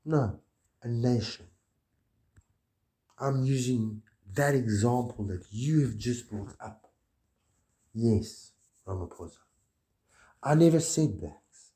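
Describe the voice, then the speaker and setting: A man's voice: fairly low pitch, darkish tone. A man delivering a rambling, grandiose monologue, preachy and swearing often.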